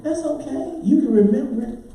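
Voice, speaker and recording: A man, a pastor, preaching a sermon with lively voices for his congregants, breaking into shouts and sung phrases. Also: extremely high pitch, moderate pace. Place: church sanctuary. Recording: echoey church heard from far off.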